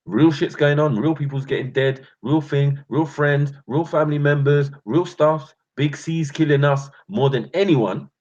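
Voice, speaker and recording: A man's voice: fairly high pitch, measured pace, few pauses, darkish tone, dull audio. A man with a London accent hosting his channel, delivering a passionate rant full of street slang and calling his listeners bruv and fam. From England. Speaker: channel host.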